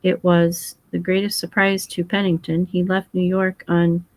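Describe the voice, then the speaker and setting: A woman's voice: on the low side, little pitch movement, unhurried, no room sound, close to an everyday voice, poor audio. A woman reading as a boyish young husband. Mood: earnest.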